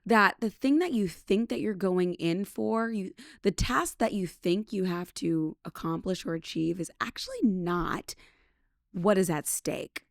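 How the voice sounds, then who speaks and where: A woman from British Columbia hosting her show, telling a story in a chatty, animated way. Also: mid-range voice, unhurried, gravelly, no room sound, studio quality. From British Columbia, Canada. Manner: chatty and animated, acts out quotes. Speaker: podcast host. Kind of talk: casual storytelling monologue.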